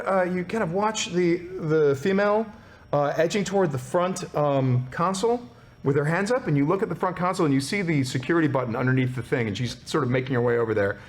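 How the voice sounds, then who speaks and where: A man running a tabletop role-playing game as game master, narrating in an animated, playful way. His voice sits a bit high and swings widely in pitch as he acts out each scene.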